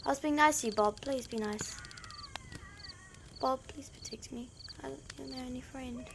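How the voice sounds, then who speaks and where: This gaming channel host, a New Zealander, has a high-sitting, creaky voice and talks at a moderate pace. She is jumpy and easily spooked while playing a horror game, speaking dramatically to its characters, with noise in the background.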